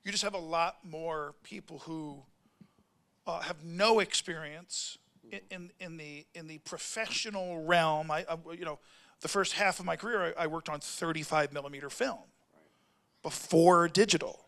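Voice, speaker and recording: A man's voice: on the high side, normal speed, bright, forceful tone. A middle-aged male actor telling a rambling story at a convention panel, stopping and restarting his sentences and acting out what others said. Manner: rambling, self-interrupting storyteller who acts out quotes.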